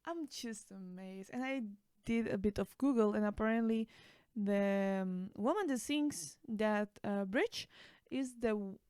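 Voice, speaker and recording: Female music vlogger in her twenties, excitable and rambling, close dry sound. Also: mid-range voice, unhurried, smooth, dry recording. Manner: gushing, excitable, rambling with fillers and restarts. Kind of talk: casual album reaction.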